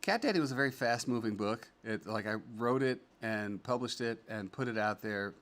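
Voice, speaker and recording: This middle-aged host's voice is lowish and fairly bright, at a normal speed. On his casual livestream he reads viewer comments aloud, rambling cheerfully with lots of fillers.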